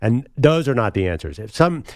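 A man co-hosting a sports talk show, arguing his picks confidently and pushing back quickly. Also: medium pitch, very animated, no echo, clean studio sound. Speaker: sports radio co-host. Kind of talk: casual sports debate.

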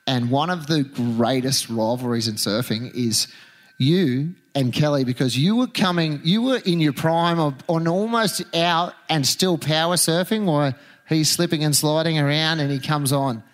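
Aussie bloke hosting a chat, laughs a lot, slightly high voice. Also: male voice, normal speed. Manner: laughing, swearing, chatty. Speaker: podcast host, surfer. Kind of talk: casual chat.

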